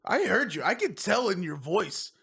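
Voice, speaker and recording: A loud, brash man playing a tabletop role-playing game, talking in character a lot and calling people bro. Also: sits high, big pitch swings, normal speed, vocal fry, husky. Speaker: player. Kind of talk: tabletop role-play chat.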